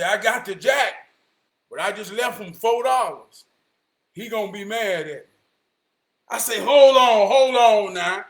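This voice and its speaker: Loud high-voiced man telling a story. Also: echoey room. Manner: animated, often shouting, slips into quoted voices. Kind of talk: casual storytelling.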